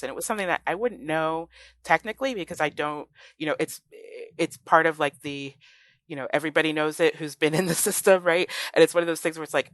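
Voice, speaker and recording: A woman guest on a podcast interview, talking in a thoughtful, relaxed way with many fillers and restarts. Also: low-pitched, fairly quick, no room sound. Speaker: guest, ranked choice voting advocate.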